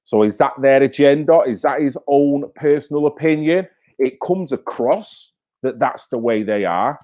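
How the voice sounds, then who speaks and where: A man's voice: medium pitch, animated, normal speed, mellow. A man hosting his own channel, talking in a blunt, fired-up way with swearing and rhetorical questions. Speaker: channel host. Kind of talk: casual live-stream commentary.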